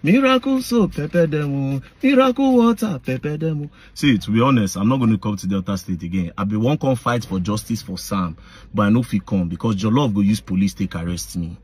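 A man's voice: fairly low pitch, brisk, a little mellow, slightly rough. A man with a Nigerian Pidgin English accent ranting in a confrontational vlog, addressing his targets directly with heated accusations. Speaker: online commentator.

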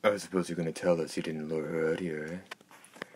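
A man's voice: rumbling low, flat delivery, normal speed, a little mellow, a little hiss or hum. A man reading the lines of a jealous, hotheaded young man in an audiobook, spiteful and challenging.

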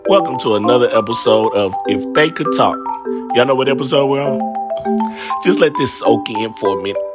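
A man's voice: mid-range voice, a little fast, loud music behind the voice. A man hosting an animal comedy show, chatty and playful, breaking into song. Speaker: comedy voice-over host. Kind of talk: casual comic commentary.

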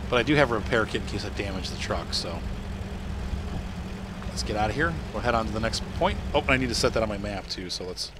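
A man's voice: on the low side, expressive, fast. Chatty man narrating gameplay over background noise. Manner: chatty, explains as he plays, talks to family off-mic. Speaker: gameplay streamer. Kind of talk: casual gameplay commentary.

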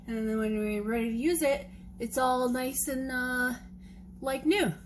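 Woman vlogger, rambling and chatty, slow-spoken, high-ish voice, noisy home recording. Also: steady tone. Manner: rambling, chatty, talks to her dog in a sing-song voice. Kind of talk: casual home vlog.

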